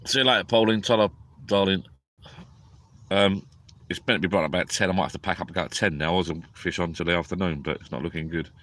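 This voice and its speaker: A man's voice: low voice, quick pace, a bit bright. A tired man, chatting rambly and drowsily on a live stream from inside a small tent at a lake at night. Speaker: fishing vlogger. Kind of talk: casual live-stream chat.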